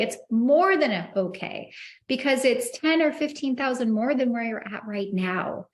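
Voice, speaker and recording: A woman teaching telephone sales, confident and emphatic, acting out call lines in a brighter voice. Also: fairly high pitch, expressive, normal speed. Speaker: insurance sales trainer. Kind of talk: instructional talk to the camera.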